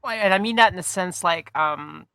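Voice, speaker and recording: A woman's voice: fairly low pitch, moderate pace, a bit bright, clean tone, dry recording. A woman hosting an interview podcast who asks rambling questions and searches for her words. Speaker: podcast host. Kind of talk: casual interview chat.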